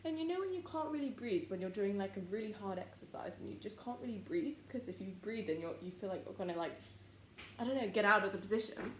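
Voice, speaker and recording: A woman's voice: mid-range voice, animated, fast. Giggly young woman vlogging. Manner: rambling, giggly, full of "like" and "literally". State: tired, yawning. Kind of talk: casual chatty vlog while cooking. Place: home kitchen, indoors. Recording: echoey room with faint background noise.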